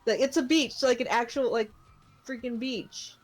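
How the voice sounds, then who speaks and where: A woman's voice: fairly high pitch, fairly even intonation, moderate pace, faint music behind. Chatty young woman recapping a show. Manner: chatty, loose storytelling with many fillers and laughs. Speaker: podcast co-host. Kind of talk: casual chat recapping an anime.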